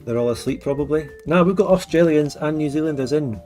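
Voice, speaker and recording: A man's voice: on the high side, brisk, a little mellow, faint music behind. A man hosting a casual live stream, musing aloud and often restarting his sentences. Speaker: stream host.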